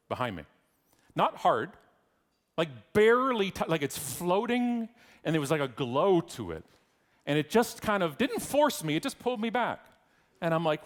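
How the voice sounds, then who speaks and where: Man, middle-aged, keynote storyteller; lively pitch, plays every character, shouts in bursts. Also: long reverb tail. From Canada. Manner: animated, acts out voices, loud bursts of shouting. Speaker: keynote speaker. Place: large conference hall.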